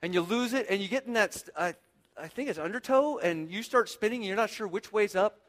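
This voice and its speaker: A man preaching a sermon as pastor. He moves between loud, intense stretches and quiet, reflective passages. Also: high voice, lively intonation, fairly quick, in a large hall.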